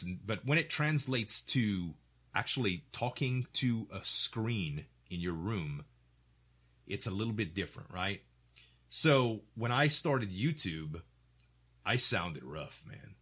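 Articulate man with a bright, lively voice. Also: deep voice. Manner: articulate, animated storytelling with voiced quotes. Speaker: podcast host. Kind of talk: casual podcast chat.

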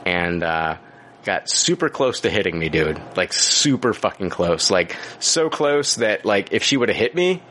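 Swearing, animated male podcast co-host. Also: deep voice, unhurried, a little hiss or hum. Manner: animated storytelling, heavy swearing and filler words. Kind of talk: casual chat.

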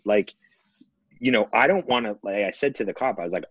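A man's voice: mid-range voice, expressive, moderate pace, no echo, muffled recording. A man telling a story on a podcast, rambling with many fillers and frequent laughs. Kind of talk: casual storytelling.

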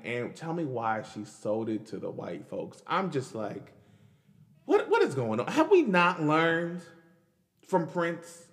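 A man's voice: medium pitch, a bit bright, in a large hall. A man hosting his own podcast in a casual solo monologue, talking emphatically with lots of repeats and stammered restarts. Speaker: podcast host.

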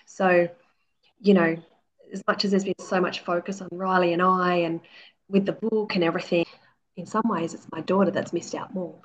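A woman's voice: fairly low pitch, fairly even intonation, normal speed. A woman in her forties, an author telling stories as a guest in casual interview chat, peppering her talk with "you know" and acting out quotes. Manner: chatty storyteller, many "you know"s, acts out quotes. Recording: slightly dull lo-fi audio.

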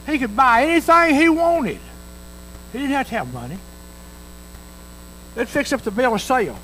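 Lively folksy preacher man, high voice. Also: moderate pace, slight background noise, rough recording. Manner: folksy preaching, acting out the parable's dialogue. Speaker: pastor. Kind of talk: sermon.

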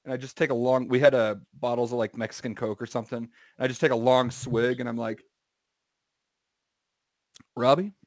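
A man's voice: mid-range voice, flat delivery, quick pace, few pauses, a little mellow, no echo, clean studio sound. A man telling a long, rambling anecdote with swearing and self-corrections in casual podcast chat.

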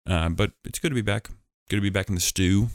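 Man, very deep voice, jokey rambling podcast host, dry close mic. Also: quick pace, no room sound. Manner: rambling, jokey, lots of fillers. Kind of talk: casual podcast chat.

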